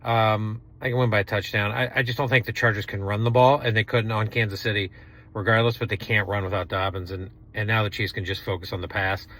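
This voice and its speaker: Bright, thinking-aloud male co-host. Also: lowish voice, little pitch movement, quick pace. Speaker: podcast co-host. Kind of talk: casual sports betting chat.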